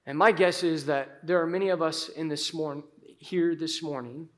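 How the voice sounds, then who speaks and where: Male pastor with a high voice, conversational and animated sermon delivery, dramatic pauses.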